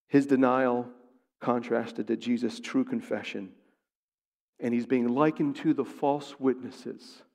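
A man preaching a sermon, who acts out the lines he quotes with big swings in pitch and volume. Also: a little mellow, big-room sound.

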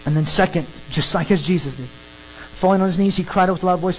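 A preacher giving an animated, emphatic sermon that works through a scripture passage. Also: medium pitch, fairly quick, slight background noise, poor audio. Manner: animated, emphatic, acts out crowd scenes.

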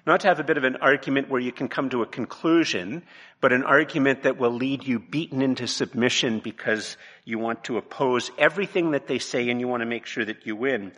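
A man preaching a sermon from his notes, emphatic, dropping to a hush and then rising to loud, pressing points. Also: mid-range voice, a little fast. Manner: emphatic, swings from hushed to loud.

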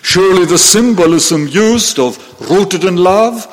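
A man preaching a sermon in church, measured and deliberate, with occasional restarts. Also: high-pitched. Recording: long reverb of a large hall.

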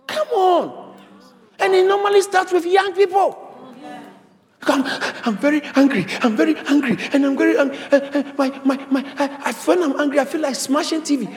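High-voiced man preaching in an echoing hall. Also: moderate pace. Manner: emphatic, repeats phrases for stress. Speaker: pastor. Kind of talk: sermon. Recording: reverberant hall.

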